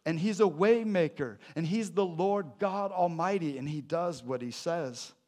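A man preaching a sermon to a congregation, conversational and joking, swinging from loud emphatic lines to quiet, hushed ones. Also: a little high, measured pace, few pauses. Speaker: pastor. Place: church sanctuary.

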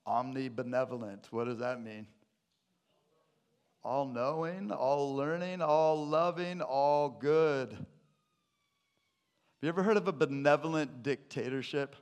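A man's voice: medium pitch, unhurried, pauses often, smooth. Pastor man telling a joke in a sermon. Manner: storytelling with a joke, then teaching.

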